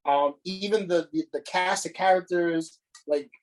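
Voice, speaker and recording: A man's voice: high voice, a little slow, poor audio. A man co-hosting a casual podcast, ranting with frequent swearing and restarts. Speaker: podcast co-host.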